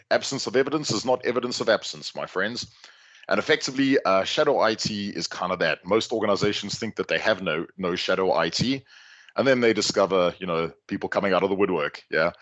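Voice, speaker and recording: A middle-aged South African man giving a lively, joking talk to an online audience. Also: lowish voice. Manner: lively, jokey, chatty asides. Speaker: guest speaker. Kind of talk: conference talk on a video call.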